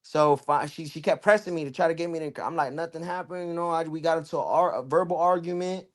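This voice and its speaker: A man's voice: on the high side, quick pace. Slangy young man telling a candid story. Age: young adult. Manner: loose, slangy and candid, with many fillers like "you know" and "bro". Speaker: guest fighter telling his story. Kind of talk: casual storytelling in a podcast interview.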